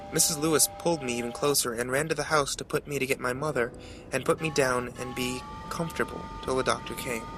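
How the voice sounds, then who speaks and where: A man narrating a horror story in a measured, dramatic way. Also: mid-range voice, fairly even intonation, background noise.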